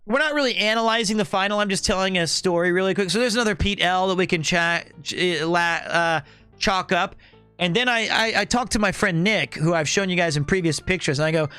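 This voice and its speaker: Bright high-voiced man telling stories. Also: fairly quick, clean tone, soft background music. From United States. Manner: animated, rambling, joking storyteller. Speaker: streamer host. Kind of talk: casual storytelling recap.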